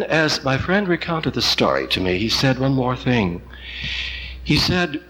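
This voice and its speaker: A man preaching a sermon, telling a story slowly and gently with long pauses. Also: fairly low pitch, big-room sound, a little hiss or hum, rough recording. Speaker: priest.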